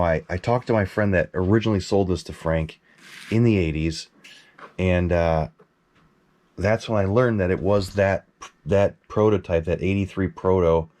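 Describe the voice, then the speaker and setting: A man hosting his own collector channel, casually telling a story to camera and acting out what he and a friend said. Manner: animated, acts out his own past quotes with rising pitch. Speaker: mask collector and host.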